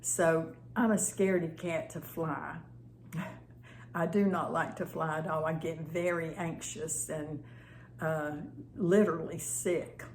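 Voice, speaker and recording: A woman's voice: deep voice, steady tone, slow, a little hiss or hum. An older woman giving a tender, prayerful personal testimony as a channel host.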